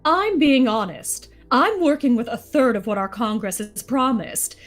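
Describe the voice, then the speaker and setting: A woman's voice: a little high, very animated, unhurried, soft background music. A woman voicing a weary adult male general leading outnumbered troops, delivering the lines in a rhythmic, rap-like way. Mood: earnest. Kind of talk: live dramatic read-through of a musical.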